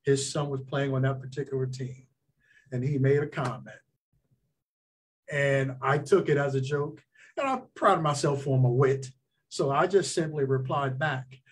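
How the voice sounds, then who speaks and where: A man appearing as a sports official guest, giving calm, measured advice in casual interview talk. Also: medium pitch, breathy edge.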